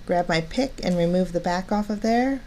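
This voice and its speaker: A woman's voice: fairly low pitch, normal speed, dark tone, slight background noise. A cheerful, chatty woman talking through each step of a card-making craft tutorial. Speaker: crafting channel host.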